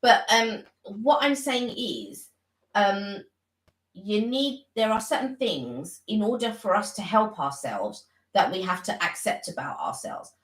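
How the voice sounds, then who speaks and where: A woman's voice: medium pitch, animated, a little slow. Earnest rambling woman co-host, echoey room. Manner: earnest, rambling, many restarts and fillers. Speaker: co-host of a live stream. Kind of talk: casual live-stream chat.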